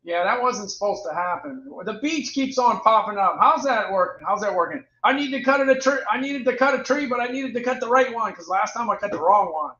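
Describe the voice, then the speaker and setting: A man's voice: very high-pitched, animated, brisk, hardly any pauses, sharp tone, slight background noise. A man hosting a casual livestream, chatting about products, repeating himself and reading out prices and ratings. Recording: roomy, dull lo-fi sound.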